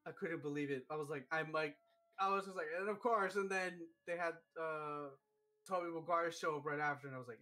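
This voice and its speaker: A man hosting a live stream, chatting casually and telling stories excitedly, with lots of fillers. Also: on the high side, a little fast, faint music behind. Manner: excitable, animated storytelling with many fillers. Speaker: streamer host. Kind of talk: casual chat.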